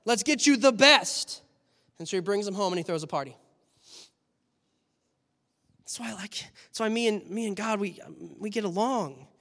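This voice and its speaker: A man preaching a sermon, telling the story in an animated way and acting out its scenes. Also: sits high, normal speed, long pauses. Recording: long hall reverb.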